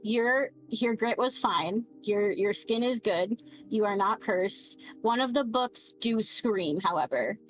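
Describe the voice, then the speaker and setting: A woman's voice: medium pitch, slow, soft background music, poor audio. A young woman narrating a tabletop game as game master, chatty and giggly, with lots of fillers.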